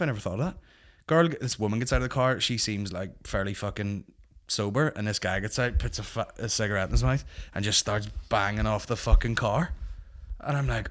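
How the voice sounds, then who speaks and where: A man's voice: lowish voice, fairly quick, a bit bright. A young Northern Irish man hosting a comedy podcast, telling a rambling, sweary anecdote in casual chat. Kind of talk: casual storytelling.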